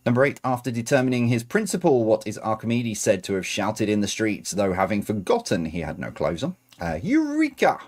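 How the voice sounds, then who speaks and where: A man's voice: on the low side, fairly quick, few pauses, a little mellow. A man reading out quiz answers as host, adding chatty, self-correcting asides.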